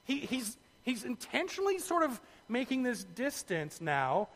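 A man preaching a sermon, telling the story in a lively way with asides to his listeners. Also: very high voice, a little slow, long reverb tail. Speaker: pastor.

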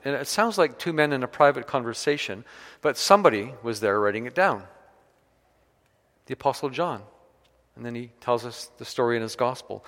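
A man's voice: a little high, fairly bright tone. Man preaching in a reverberant hall. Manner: storytelling preacher, varied emphasis. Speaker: pastor. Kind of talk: sermon.

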